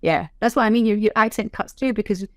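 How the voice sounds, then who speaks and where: A middle-aged Scottish woman, a sign language interpreter, chatting in a podcast interview with a lively, self-deprecating way of telling things. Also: mid-range voice, fast talker, no echo, clean studio sound. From Scotland. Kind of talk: casual interview chat.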